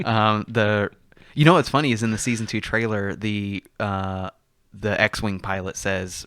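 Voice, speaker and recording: A man co-hosting a podcast in casual chat, rambling and animated, often laughing as he talks. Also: fairly low pitch, unhurried, clean tone, dry recording, studio quality. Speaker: podcast co-host.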